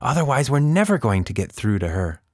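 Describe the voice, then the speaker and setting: A shy young girl speaks earnestly, a touch higher than a grown man's voice, as a male storyteller puts her on. She sounds timid yet brave in a dry room. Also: sing-song, fairly quick, no room sound.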